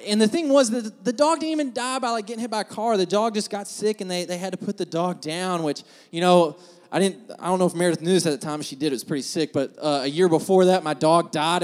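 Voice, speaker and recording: A man's voice: high-pitched, fast talker. A man preaching a sermon in a casual, joking storytelling way, speaking in a church sanctuary. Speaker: pastor. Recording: long hall reverb in a church.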